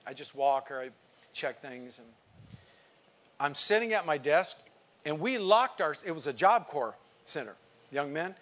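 Man, pastor, sermon, somewhat high pitch, animated storytelling, emphatic bursts. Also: measured pace, long pauses. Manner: animated storyteller, swings from quiet asides to emphatic outbursts.

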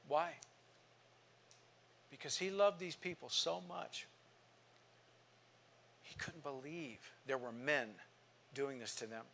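A man in his sixties teaching a Bible class in sermon style, reading scripture with passion and swinging from soft to loud. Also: a little high, measured pace, long pauses. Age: 60s.

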